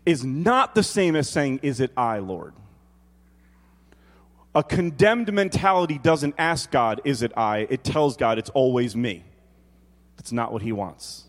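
A male pastor in his thirties delivers a lively, joking sermon in a church hall with a long reverb tail. He swings from hushed, weighty phrases to loud, excited bursts. His voice sits in an ordinary middle pitch. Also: normal speed. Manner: animated, joking, swings between quiet emphasis and loud exclaims.

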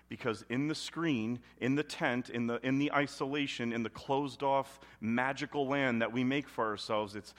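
Conversational male preacher, loud to hushed. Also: mid-range voice. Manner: conversational, swinging between loud emphasis and hushed intensity. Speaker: pastor. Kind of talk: sermon.

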